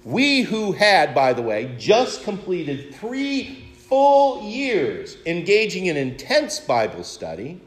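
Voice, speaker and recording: A man in his sixties, a pastor, preaching a sermon with expressive storytelling, rhetorical questions and wry humor. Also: high-pitched, slow, hardly any pauses, roomy sound. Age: 60s.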